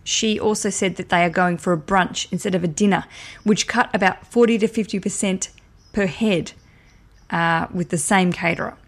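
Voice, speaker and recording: A woman hosting a podcast, talking in a chatty, animated way and getting worked up and ranty. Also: on the low side, moderate pace. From Australia. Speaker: podcast host. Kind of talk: casual solo podcast talk.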